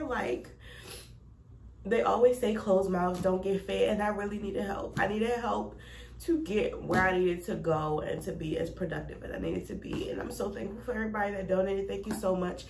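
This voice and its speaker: A woman vlogs while unboxing a label printer, her medium-pitched voice animated and a little fast as she teeters on the edge of tears. She rambles in casual chat to camera, restarting sentences and gushing thanks. It's recorded in a cluttered home room that's echoey and noisy, with a distant mic.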